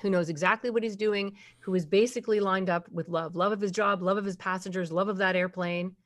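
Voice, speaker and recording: A woman's voice: medium pitch, fairly even intonation, a little fast. A middle-aged woman, a parenting expert, explains her approach in a conversational interview. She talks emphatically, asks rhetorical questions and now and then acts out quoted voices.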